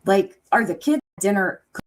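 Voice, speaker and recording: A middle-aged woman rants as a commentary host, blunt and profane. Her voice sits at an ordinary middle pitch, and she often mocks others by quoting them back sarcastically. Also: animated, moderate pace, faint music behind. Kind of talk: reaction commentary.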